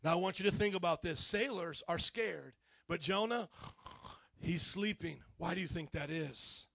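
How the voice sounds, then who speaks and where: High-voiced preacher leading call-and-response. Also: male voice, moderate pace, creaky, no room sound. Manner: animated storytelling, bursts into loud delivery. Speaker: pastor. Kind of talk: sermon.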